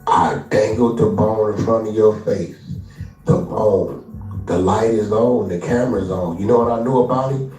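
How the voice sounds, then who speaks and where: A man's voice: on the low side, moderate pace, warm tone. A man delivering a confrontational, slang-heavy rant, taunting someone and mimicking other people's lines along the way. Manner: taunting, acts out others' lines in mock voices. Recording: roomy distant audio with music behind.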